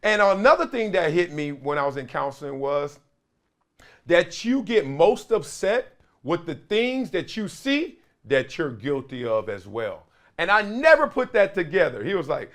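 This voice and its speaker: A middle-aged man hosting his own show, giving earnest, casual commentary that swings from loud emphasis to quiet reflection. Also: fairly high pitch, sing-song, normal speed. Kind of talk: casual solo commentary to camera.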